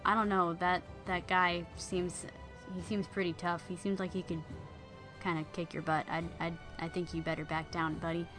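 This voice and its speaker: A woman's voice: a little high, normal speed, hardly any pauses, over music, natural voice. Woman doing a weary old knight father.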